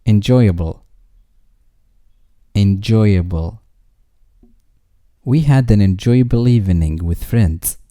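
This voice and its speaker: A man with a fairly low, dark and mellow voice reads vocabulary aloud very slowly but animatedly, saying each word twice and then using it in a sentence. The recording is close, dry and free of echo.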